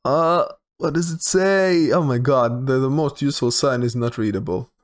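A man's voice: mid-range voice, normal speed. A young man giving casual commentary while he plays a geography guessing game, thinking aloud with hesitant, repeated words. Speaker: game streamer.

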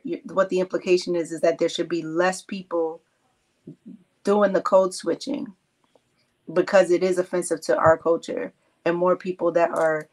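Flat, low-toned woman panelist. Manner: measured, explaining a point. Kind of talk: casual panel discussion.

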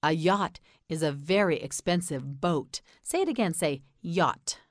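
A woman with an American accent teaching English pronunciation, saying each word slowly and clearly and asking the listener to repeat it. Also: low-pitched, animated, no room sound, studio quality. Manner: repeats words slowly and asks the listener to say them back. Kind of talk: slow, clear scripted lesson narration.

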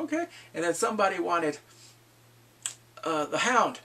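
A man casually recapping a TV episode, swearing freely and jumping into quick impressions of the characters. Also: sits high, bright, forceful tone, distant mic. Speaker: TV show reviewer. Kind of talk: casual spoiler recap vlog.

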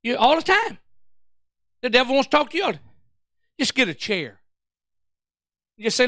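A man preaching a fervent sermon as pastor, calling out to the congregation and shifting between shouting and quiet storytelling. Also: very high voice, big pitch swings, normal speed, pauses often, no echo, clean studio sound.

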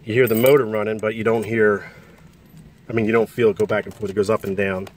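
Middle-aged man, lowish voice, casual and rambling car-seller patter, slightly muffled by a cigar, outdoor traffic and engine noise behind. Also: fast talker. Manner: relaxed, rambling, talking around a cigar. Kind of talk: casual walkaround video. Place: outdoors by a car, then inside it.

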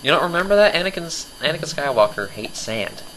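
A man's voice: on the high side, big pitch swings, fast, fairly bright tone, slight background noise, rough recording. A young man co-hosting a video game let's play, rambling and joking in casual commentary. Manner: rambling, jokey, giggly. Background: game music.

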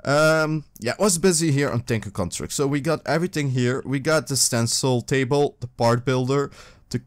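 A man hosting his own gaming video, giving rambling, casual let's-play commentary full of fillers and breaking into excited yelps, talking into a desk microphone as he plays. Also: mid-range voice, moderate pace.

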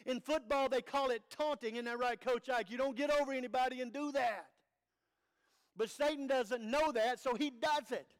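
A man's voice: very high voice, moderate pace. A man preaching an earnest, conversational sermon as pastor, with rhetorical questions to the congregation.

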